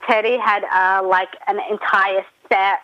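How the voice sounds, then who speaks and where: A woman guest in a casual radio chat, telling stories with lots of fillers and excited jumps in pitch. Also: measured pace, dry recording, dull audio. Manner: animated storyteller, many fillers, pitch jumps when excited. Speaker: pop culture guest.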